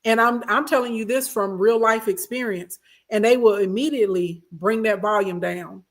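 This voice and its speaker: A woman's voice: medium pitch, normal speed. A woman hosting a casual advice stream, reading out viewer comments and answering them in an emphatic way that repeats points and keeps checking in. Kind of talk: casual advice talk, livestream.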